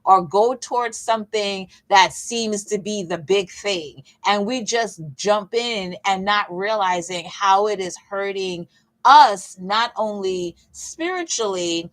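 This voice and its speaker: A woman coach leading a casual Bible teaching session, talking in a lively, conversational way with emphatic repeats and playful asides. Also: medium pitch, takes it slowly, rough recording. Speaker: fitness coach and faith session leader.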